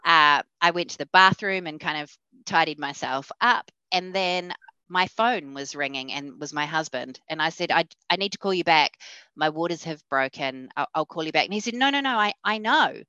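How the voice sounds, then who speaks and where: Low, bright-toned New Zealand woman. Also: moderate pace, clear, resonant tone, no room sound, lo-fi sound. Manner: lively storyteller, acts out quoted speech. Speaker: guest. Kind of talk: telling a personal faith story.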